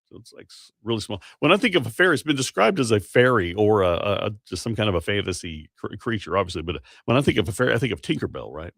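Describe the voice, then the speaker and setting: A male morning radio host with a gravelly, creaky edge to his voice. He talks in a loose, rambling way, correcting himself mid-sentence as he goes. The sound is close and dry, like a studio microphone. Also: lowish voice, very animated, fast, few pauses, a bit bright, dry recording. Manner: rambling, self-correcting, chatty. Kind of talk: casual morning radio talk.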